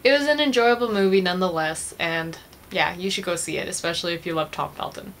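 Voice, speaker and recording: A woman's voice: lowish voice, fast talker. A young woman vlogging a casual, chatty movie review, gushing like a fan and giggling often.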